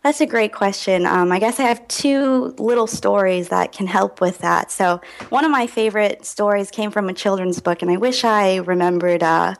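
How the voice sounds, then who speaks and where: A woman's voice: medium pitch, normal speed, vocal fry, few pauses. A woman guest on a podcast, an earnest and reflective storyteller who talks with many ums. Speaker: guest, health researcher. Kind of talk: podcast interview.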